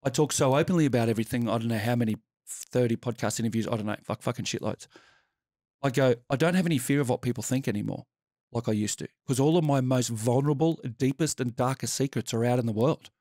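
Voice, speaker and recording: A man's voice: medium pitch, fast talker, no room sound, clean studio sound. Candid, sweary Australian man telling stories. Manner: candid, sweary, animated storytelling. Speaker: podcast guest. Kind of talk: casual interview storytelling.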